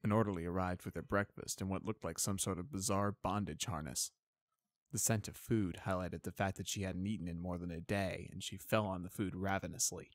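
Low-voiced man narrating a story. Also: no echo. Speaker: audiobook reader. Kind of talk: fan fiction narration.

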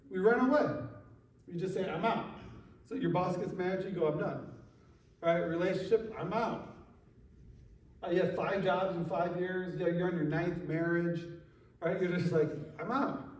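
A man's voice: high voice, darkish tone. A male pastor preaching a casual, joking sermon in a conversational way. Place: church sanctuary. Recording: echoey room from a distance.

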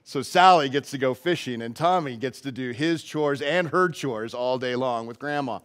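A man's voice: mid-range voice, moderate pace, a bit bright. A male pastor giving a casual, story-driven sermon in a church.

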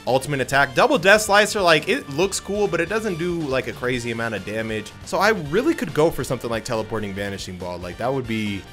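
A man's voice: mid-range voice, lively intonation, quick pace, few pauses, fairly bright tone. A young man giving joking, slangy commentary on his gameplay. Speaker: gaming YouTuber. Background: game music.

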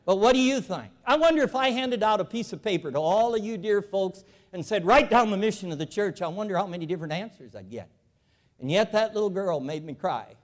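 A man with a high, lifted voice gives an evangelical convention address in a large auditorium. He tells folksy stories and makes emphatic calls to his audience. The long reverb of the hall trails after his words. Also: lively intonation, fairly quick. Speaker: convention speaker, former bank president.

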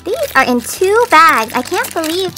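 A woman's voice: extremely high pitch, sing-song, a little slow, pushed and bright. A woman hosting a toy unboxing, gushing and gasping in a sing-song voice and cooing at the dolls. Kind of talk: excited toy unboxing chat. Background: background music.

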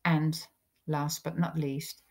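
A woman's voice: low voice, level tone, a little mellow. A woman, a teacher patiently explaining English grammar in a recorded lesson. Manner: slow, patient explaining with examples.

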